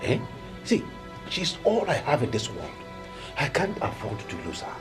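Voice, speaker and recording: Desperate Nigerian hunter; loud pleas, swooping pitch. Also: male voice, huge pitch swings, normal speed, music in the background. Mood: pleading. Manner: pleading, cries out loudly. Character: desperate poor village hunter, man. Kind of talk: Nollywood film acting.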